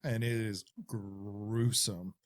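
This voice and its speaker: A man's voice: on the low side, fairly even intonation, drawn-out words. A man co-hosting a horror film podcast, talking casually, laughing and quoting lines from the film. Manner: chatty, laughs, quotes dialogue. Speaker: podcast co-host. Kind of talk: casual chat.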